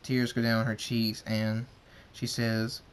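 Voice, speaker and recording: A man's voice: on the low side, monotone, slow, clear, resonant tone. A man reading his fan fiction story aloud, in a plain narration with small restarts. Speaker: story reader.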